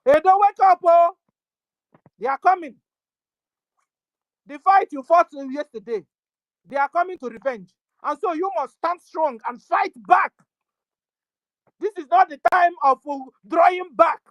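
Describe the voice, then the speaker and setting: High-voiced scolding Nigerian woman. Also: measured pace, long pauses, dry recording, muffled recording. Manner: scolding, repetitive, rising to shouts. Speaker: activist speaker. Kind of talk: impassioned political address.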